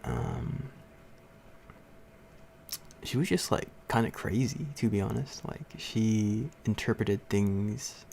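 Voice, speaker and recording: A man's voice: on the low side, slow pace, vocal fry, pauses often, a little mellow, a little hiss or hum. A young man hosting a livestream, casually telling a story to his chat with lots of fillers and frequent laughs. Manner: rambling, laughs often, many fillers. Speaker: livestream host.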